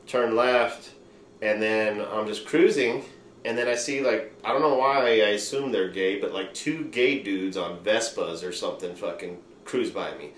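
Low-voiced man telling profane stories. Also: moderate pace. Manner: loose, profane, rambling retelling. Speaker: podcast host. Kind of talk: casual storytelling chat. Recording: roomy room with faint noise.

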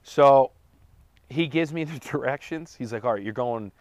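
A man's voice: medium pitch, moderate pace. A man casually telling a long, rambling personal story with jokes and self-corrections on a podcast. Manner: rambling, self-correcting, joking, with light laughs. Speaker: podcast co-host telling his daughter's birth story.

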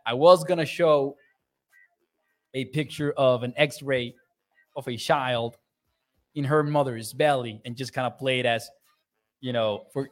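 A young man with a medium-pitched voice hosts a sports podcast livestream, reading viewer comments aloud. He's upbeat and chatty and laughs often.

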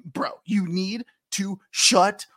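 A man on a casual podcast recap voicing an impatient, dismissive god-king in an offhand, low grumble. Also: steady tone, slow, fairly bright tone, no echo, clean studio sound, full character voice.

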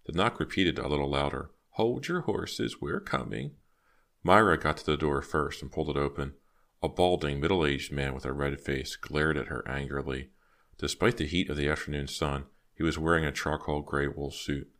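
A man with an extremely deep voice narrates an audiobook. He tells the story in a steady, even way, as scripted narration. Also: fairly quick.

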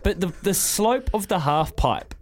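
A man's voice: high-pitched, animated, a little slow. New Zealand male breakfast host, enthusiastic, rambling delivery. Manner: enthusiastic, chatty, restarts phrases. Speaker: radio host. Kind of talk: breakfast radio talk.

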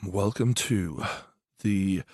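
A man's voice: low voice, very slow, over loud music. A man with a Geordie accent hosting a podcast, bantering and joking crudely with lots of laughter. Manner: laughs a lot, crude jokes. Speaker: podcast host. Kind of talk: casual banter.

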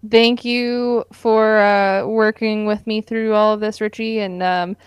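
A woman's voice: medium pitch, flat delivery, slow pace, clean tone, no room sound. Tired, hesitant woman co-host. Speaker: podcast co-host. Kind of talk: casual podcast chat.

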